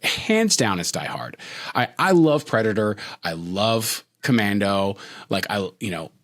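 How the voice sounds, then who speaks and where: A man's voice: lowish voice, very animated, measured pace, fairly bright tone. A man co-hosting a film podcast, gushing animatedly about a favorite movie with many fillers. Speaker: podcast co-host. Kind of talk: casual film chat.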